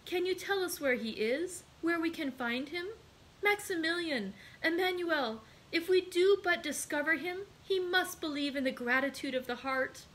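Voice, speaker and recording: A woman's voice: high voice, sing-song, measured pace, a bit bright, a little hiss or hum, voice pushed up, full character voice. A woman reading aloud as a grateful, tearful young woman who pleads eagerly. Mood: excited pleading. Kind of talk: read-aloud storytelling.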